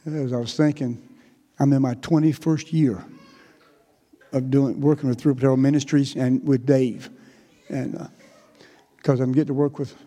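A man in his sixties with a North Carolina accent, preaching a folksy, chatty sermon. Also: medium pitch. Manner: relaxed, chatty, laughs often. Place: church hall. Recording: echoey church hall.

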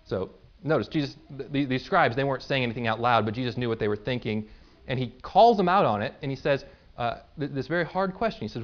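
A man preaching a sermon in a conversational way, explaining with everyday examples and quick asides. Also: mid-range voice, expressive, muffled recording. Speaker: pastor.

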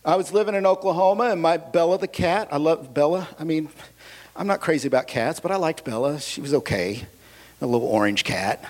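High-voiced pastor telling a funny story. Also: male voice, a little fast. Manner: storytelling, humorous asides, audience questions. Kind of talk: sermon with personal story.

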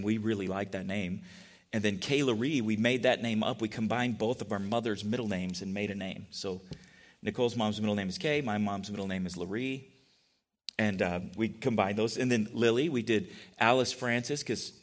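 A middle-aged man preaching a sermon in a relaxed, conversational way, often asking the congregation questions. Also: on the low side. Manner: chatty, asks the congregation questions. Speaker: pastor.

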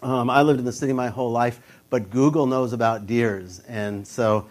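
An older man preaching a sermon, swinging between loud emphatic urging and quiet reflection, often repeating words as he builds a thought. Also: medium pitch, fairly even intonation, moderate pace. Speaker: pastor.

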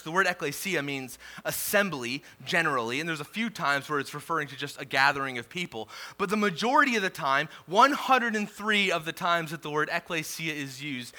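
A male pastor preaching a sermon, reading scripture slowly and swelling loud on key declarations before dropping quiet. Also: on the high side. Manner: reads scripture slowly and deliberately.

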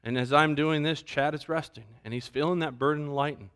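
A man pastor preaching a sermon, animated and acting out the voices he quotes. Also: on the high side, a little fast, clear, resonant tone.

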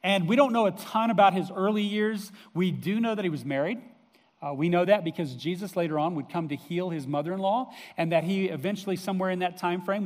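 A man preaching a sermon in a conversational storytelling way, with fillers. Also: high-pitched. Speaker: pastor. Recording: long reverb of a hall.

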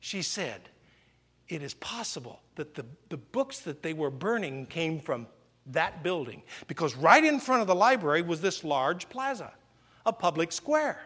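A male preacher delivering a sermon in a church, his voice pitched high and rising and falling with great liveliness. He tells stories with dramatic swings, from loud exclamations down to slow, hushed emphasis. The sound carries a long reverb from the hall. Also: very animated, husky.

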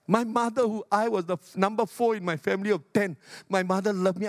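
An older pastor with a Singaporean English accent preaches a fervent sermon in a fairly high voice. He swings from ringing calls to hushed, low asides. The sound is close and dry, with no room echo. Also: fairly even intonation, fairly quick, hardly any pauses. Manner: emphatic preaching that swings between loud high exhortation and soft low asides.

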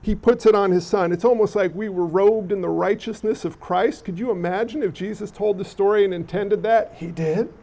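A pastor delivers a sermon in a high, gravelly voice that sounds a little congested from allergies. He keeps it conversational, putting questions to the congregation as he goes. The recording is dull and lo-fi. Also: normal speed, hardly any pauses, warm tone.

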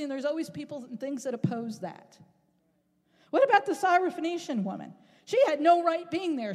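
A woman preaching a sermon in an animated, rhetorical way, at times rising to a shout. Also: high-pitched. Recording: long reverb in a large hall.

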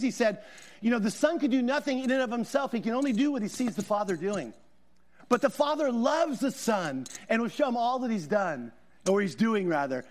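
A middle-aged man, a guest pastor, preaching a sermon in a conversational, storytelling way with emphatic repetition. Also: extremely high pitch. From Southern California.

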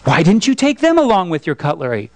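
A man's voice: high-pitched, wildly swooping pitch, fairly quick, a little mellow, no room sound, voice pushed up, exaggerated voice. A man voicing a kindly old bishop while reading a story aloud in a sermon, in a mild, patient way.

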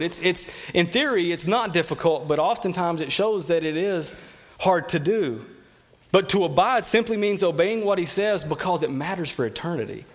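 Guy preaching, chatty storyteller, kinda high voice. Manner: conversational, storytelling, often repeats words. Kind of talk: sermon with personal stories.

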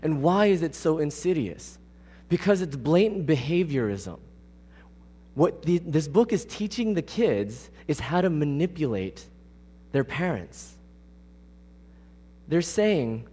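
A man's voice: on the high side, big pitch swings, slow pace, long pauses, warm tone, slightly rough. A man preaching a conversational sermon. He speaks casually but with emphasis and often puts questions to the congregation. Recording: long reverb of a large hall.

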